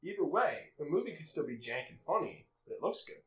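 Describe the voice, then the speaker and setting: A man's voice: a little high, very animated, quick pace, a bit bright, echoey room, far from the mic, low-quality recording. A man co-hosting a riff track, joking and swearing casually while watching a movie. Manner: laughing, profane banter.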